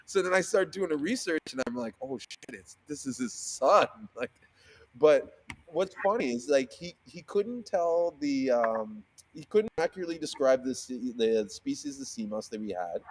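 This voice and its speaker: A man in a casual interview, telling a story with lots of swearing and restarts. He acts out the other people in it with sudden jumps in pitch, from low and quiet to high and loud. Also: sing-song, moderate pace. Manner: swears freely, acts out quoted voices with sharp pitch jumps; fillers and frequent restarts. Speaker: seamoss seller, guest.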